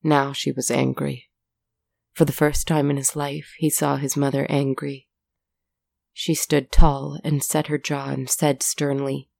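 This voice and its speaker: Slow, gravelly woman storyteller. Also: low-pitched, level tone, darkish tone, no room sound. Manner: measured, dramatic reading. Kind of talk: story narration.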